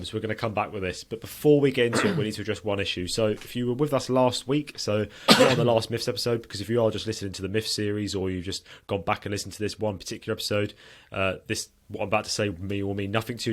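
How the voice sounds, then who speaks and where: A man co-hosting a casual fitness podcast, rambling and swearing freely as he sets up the episode. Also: lowish voice. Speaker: podcast co-host.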